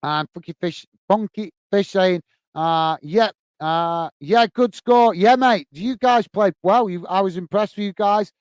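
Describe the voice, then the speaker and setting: A man's voice: high-pitched, normal speed, dry recording. A man from the UK hosting a football livestream, giving live match commentary and chatting with viewers, full of fillers and calling everyone mate. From United Kingdom.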